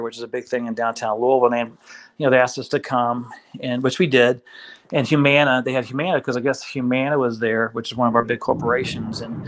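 Speaking at a medium pitch, this guest on an interview show, a man from Kentucky, recounts his story in a relaxed, lively manner. He performs the voices of those he quotes as he goes.

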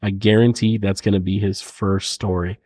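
A young man, a podcast guest, telling a childhood story in lively casual talk and laughing often. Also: on the low side, normal speed. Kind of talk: casual chat.

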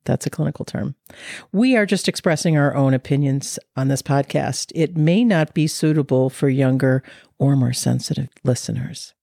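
A woman's voice: extremely low pitch, normal speed, vocal fry, warm tone, no echo. A woman co-hosting a podcast, teasing and dry in casual banter. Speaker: podcast co-host.

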